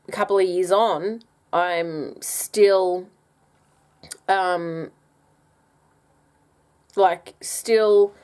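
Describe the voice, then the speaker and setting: A woman's voice: on the low side, darkish tone. A young woman, talking casually and candidly to camera in a personal vlog, with lots of ums and restarts. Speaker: vlogger.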